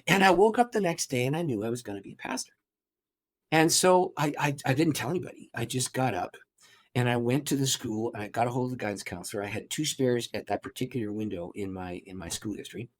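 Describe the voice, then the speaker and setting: A man, a pastor, telling his life story in an interview, animated and acting out the people he quotes. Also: mid-range voice, fast talker.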